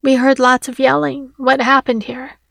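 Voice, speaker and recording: A woman's voice: high-pitched, little pitch movement, moderate pace, gravelly, fairly bright tone, dry recording, studio quality. Woman reading as an anxious, insistent girl.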